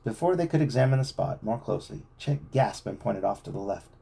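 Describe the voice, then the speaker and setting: A man reads a boys' adventure novel aloud to a child at home. His voice is dark and gravelly with a husky rasp, and it rises and falls in lively storyteller fashion. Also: lowish voice, a little fast.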